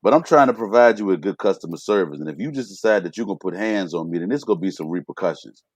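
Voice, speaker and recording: A male co-host with a fairly low voice that swings up and down in lively fashion, giving blunt opinions. The sound is dry and close, with no room echo. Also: fast talker. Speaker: podcast co-host. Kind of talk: casual chat.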